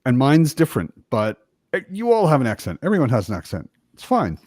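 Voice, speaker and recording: Lively, joking male chat host. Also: medium pitch, brisk, no echo, studio quality. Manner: chatty, swears casually, jokey. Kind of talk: casual chat.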